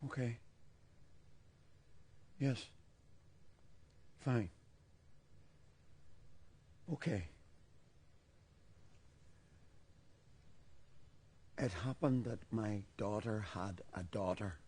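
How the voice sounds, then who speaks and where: A man's voice: on the low side, extremely slow, long pauses, background noise. An actor playing a rigid, defensive older loyalist man from Belfast, with a Belfast accent and an insistent, pompous manner. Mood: subdued. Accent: Northern Irish, Belfast. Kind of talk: stage play acting.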